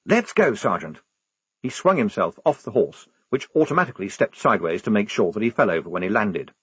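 A man narrating an audiobook with an expressive, varied delivery. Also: fairly low pitch, fast talker, breathy edge, dry recording. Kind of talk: scripted narration.

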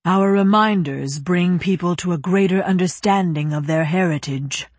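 A woman voicing a stern, proud male official in an audiobook, speaking slowly in formal, lecturing phrases. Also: on the low side, a little mellow, breathy edge, no echo. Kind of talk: audiobook character voice.

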